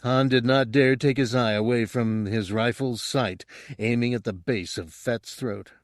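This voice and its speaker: A man reading an audiobook in steady, scripted narration. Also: mid-range voice, a little slow, no echo, studio quality.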